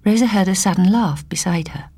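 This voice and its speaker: A woman reading a story aloud in a soft, hushed storytelling manner, often slipping into a whisper. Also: mid-range voice, a little fast, husky, no echo. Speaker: narrator.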